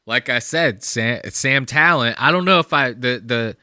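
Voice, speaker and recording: A man's voice: mid-range voice, measured pace, background noise. A young man hosting a podcast, talking casually and profanely as he reacts to clips. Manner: profane, rambling. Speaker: podcast host.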